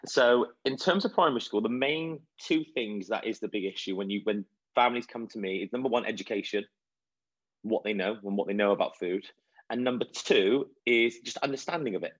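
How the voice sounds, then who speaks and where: A man's voice: lowish voice, fairly quick, no room sound. A man who works as a children's nutrition coach, answering interview questions in a chatty, anecdotal way. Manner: chatty, anecdotal, animated storytelling. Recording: dull, lo-fi sound.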